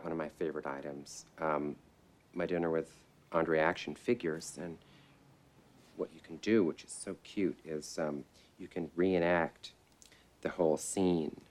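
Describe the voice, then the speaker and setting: An actor playing an eager, theater-obsessed middle-aged shop owner who talks in an earnest, rambling way in a mockumentary interview. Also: male voice, low-pitched. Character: eager theater-mad middle-aged man, sweetly self-absorbed.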